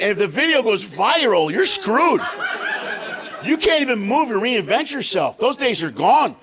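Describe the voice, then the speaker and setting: A middle-aged man working a theater crowd with a high-energy stand-up set. His voice sits high for a man, and he swings into loud, shouted punchlines while acting out the people in his stories. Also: very animated, normal speed, long pauses. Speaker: stand-up comedian. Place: theater stage before a laughing audience.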